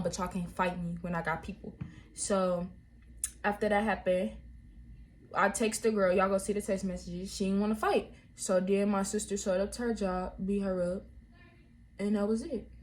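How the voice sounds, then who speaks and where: A young woman, telling viewers a storytime vlog in animated, slangy talk. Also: medium pitch. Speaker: vlogger.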